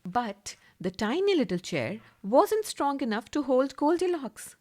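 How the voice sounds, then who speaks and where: A woman teacher with an Indian English accent reads a children's storybook aloud in an expressive, sing-song way. Her voice rides high and swoops widely, and she takes her time over every phrase. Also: measured pace.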